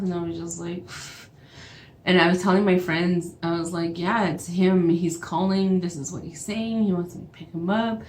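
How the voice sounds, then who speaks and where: A woman's voice: lowish voice, normal speed, darkish tone. A young woman with a Navajo accent telling a storytime vlog, acting out both sides of phone calls as she retells them. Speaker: vlogger. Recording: echoey room with faint background noise.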